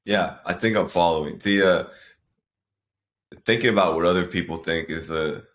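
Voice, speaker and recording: A man's voice: low voice, normal speed, a bit bright. A man hosting a podcast, telling a story in a loose, chatty way with laughs. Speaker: podcast host. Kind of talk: casual conversation.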